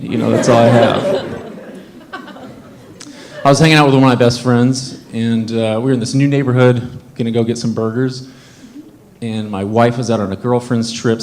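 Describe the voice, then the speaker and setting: A young man performing a stand-up comedy set on a club stage, telling stories animatedly and jumping into squeaky high voices for quotes. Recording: live club audience laughter. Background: laughing audience.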